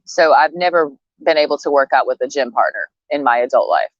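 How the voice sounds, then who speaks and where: A woman's voice: extremely low pitch, brisk, no room sound, dull audio. A woman ranting bluntly and profanely in a rambling, casual way to camera. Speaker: vlogger.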